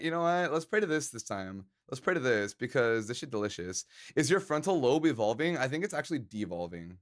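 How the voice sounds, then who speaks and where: A man live-streaming and chatting casually with his viewers, joking around and laughing often. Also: medium pitch.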